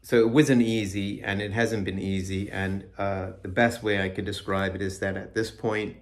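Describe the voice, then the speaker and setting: A middle-aged man giving a personal religious testimony, earnest and halting, with frequent restarts. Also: fairly low pitch, flat delivery. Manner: reads scripture aloud. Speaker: Christian speaker giving his testimony. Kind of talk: personal testimony, reflective talk.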